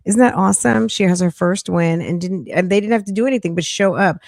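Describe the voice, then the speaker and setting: A woman's voice: lowish voice, quick pace, creaky, hardly any pauses, darkish tone, no room sound, clean studio sound. A woman hosting a casual true-crime news chat, chatty and emphatic with sassy asides. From New York. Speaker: true-crime commentary host.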